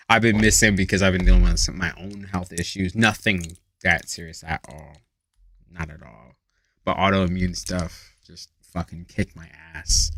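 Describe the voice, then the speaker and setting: A man's voice: sits low, pushed and bright. A man hosting a live tarot stream, chatting casually with viewers, swearing freely and reading their comments aloud. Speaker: tarot reader.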